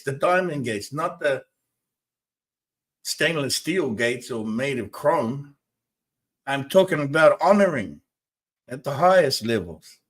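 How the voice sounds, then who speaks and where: A man hosting a spiritual talk show, speaking emphatically and repetitively and arguing with his viewers. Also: fairly high pitch. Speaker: host.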